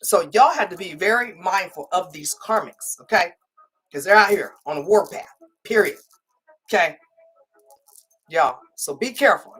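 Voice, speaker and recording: A woman, hosting a casual livestream as a spiritual reader, talking in an animated storytelling way, acting out other people's lines and tagging sentences with "okay?". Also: mid-range voice, normal speed, husky, poor audio. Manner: chatty, animated storytelling with frequent laughs and "okay?" tags; acts out others' lines in quoted voices. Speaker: spiritual reader and channel host.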